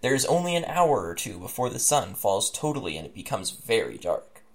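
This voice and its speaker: A man's voice: medium pitch, a little fast. A man co-hosting a casual podcast, laughing often and reading an interactive story aloud. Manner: laughing, animated reader.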